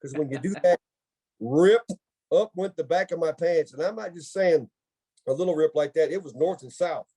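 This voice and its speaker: Animated man telling stories, dry close sound. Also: on the high side, a little fast, breathy edge, dry recording. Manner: laughing, animated storyteller. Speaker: podcast co-host. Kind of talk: casual storytelling chat.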